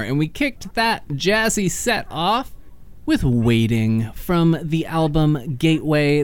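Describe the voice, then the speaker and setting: A man's voice: medium pitch, clean tone. A man in his thirties hosting a radio music show in a laid-back, self-deprecating way, chatting casually between songs. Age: 30s.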